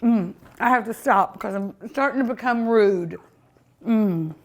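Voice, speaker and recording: Slow-talking woman savoring food. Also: medium pitch. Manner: effusive, savoring food with many mmms; talks to her dog and viewers. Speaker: cooking show host. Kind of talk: casual food tasting vlog.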